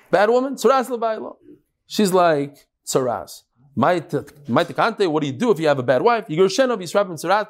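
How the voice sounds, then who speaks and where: A man teaching a Talmud class, reading the text aloud and translating it line by line. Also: a little high. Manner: reads Hebrew-Aramaic text then translates in Yeshivish English.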